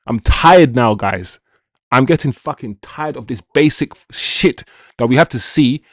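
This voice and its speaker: A man's voice: mid-range voice, animated, a little slow, dry recording, clean studio sound. A young man hosting a football watch-along stream, ranting, swearing and talking to his chat. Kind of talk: live-stream commentary and chat.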